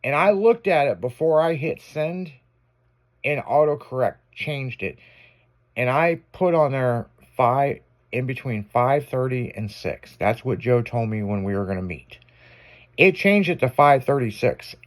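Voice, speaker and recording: A man telling a story on a casual afternoon radio show. His pitch sits in the middle range. He swears freely, keeps the talk loose, and acts out what other people said. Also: unhurried. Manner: profane, animated storytelling with acted quotes.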